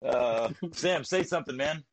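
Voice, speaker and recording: A man's voice: medium pitch, moderate pace, slight background noise, low-quality recording. A man rambling in casual podcast chat, swearing often and restarting his sentences.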